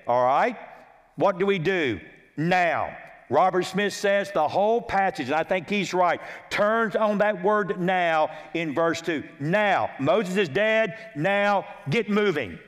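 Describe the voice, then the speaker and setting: A man's voice: high voice, expressive, slow. A male pastor preaching an expository sermon, methodically walking through chapter and verse references and repeating key lines for emphasis. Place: church sanctuary. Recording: long church hall reverb.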